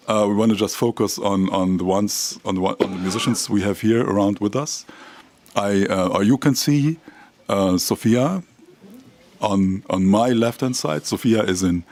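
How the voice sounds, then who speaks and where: Halting low-voiced man moderating. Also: darkish tone, dry recording. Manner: halting, restarts phrases while searching for words. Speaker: festival host moderating a press briefing. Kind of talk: press briefing moderation.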